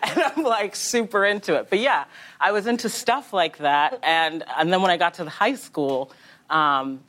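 A woman talk show guest chatting casually, telling a long rambling story with animated asides and laughs. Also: on the low side, moderate pace. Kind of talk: casual chat.

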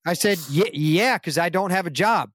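Animated storytelling man, dry close sound. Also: high voice, normal speed, dry recording. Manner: animated anecdote-telling, acts out quotes in raised voice. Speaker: guest actor. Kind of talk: casual storytelling in a podcast interview.

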